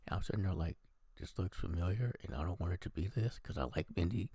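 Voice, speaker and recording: Deep gravelly man ranting about movies. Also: quick pace, no echo. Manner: profane, animated, acts out characters' lines. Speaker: movie reviewer. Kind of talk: casual movie review vlog.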